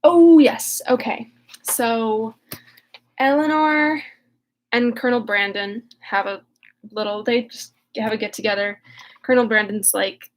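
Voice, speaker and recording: A young woman casually recapping a classic novel in a chatty, animated way, then reading it aloud. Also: on the high side, a little slow, low-quality recording. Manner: chatty, animated retelling with lots of "like". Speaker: reader and recap vlogger. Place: room lit by a window, recording alone.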